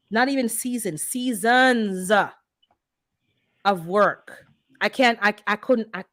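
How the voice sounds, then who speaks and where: A woman hosting a gardening channel, chatting casually and telling a story with animated, heated energy. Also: mid-range voice, no echo, clean studio sound. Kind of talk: casual chat.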